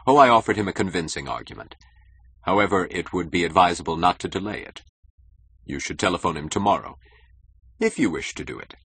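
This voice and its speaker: A man voicing a suave, scheming male critic who talks in a smooth, condescending, measured way. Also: low-pitched, animated, a bit bright, slight background noise. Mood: sly.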